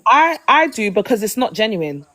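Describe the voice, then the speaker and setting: A woman's voice: a little high, sing-song, moderate pace, bright, forceful tone, dry recording. A woman on a discussion panel, talking emphatically about her experiences. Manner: emphatic, says "honestly speaking". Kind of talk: group discussion.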